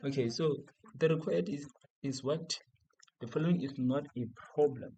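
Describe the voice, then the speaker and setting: In an exam revision lesson, a teacher from South Africa, speaking with that country's accent, goes over exam questions, repeating the main points and posing questions he then answers himself. His voice is a little high and warm, at a moderate pace. The recording quality is low.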